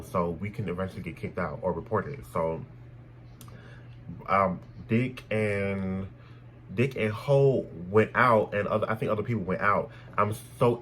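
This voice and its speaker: A young man telling a personal story in a casual, animated way, blunt and full of swearing. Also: lowish voice, slight background noise, rough recording. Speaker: storytime vlogger.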